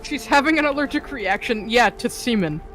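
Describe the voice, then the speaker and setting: A woman's voice: on the high side, expressive, fairly quick, fairly bright tone. A woman co-streaming a video game, teasing and laughing often in casual banter. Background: game music.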